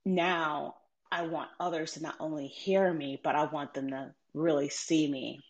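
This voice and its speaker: Woman, low voice, gravelly fry, reflective mother, casual storytelling. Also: steady tone, measured pace. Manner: reflective, conversational, frequent fillers. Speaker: mother sharing parenting story.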